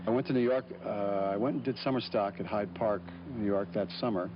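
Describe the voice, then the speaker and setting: A man with a fairly low voice tells stories as a guest, pausing often and restarting his sentences. He is from Georgia. The recording is dull and lo-fi, with a faint hiss of noise underneath. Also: steady tone. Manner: halting, with many fillers and restarts. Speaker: guest actor. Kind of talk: casual interview storytelling.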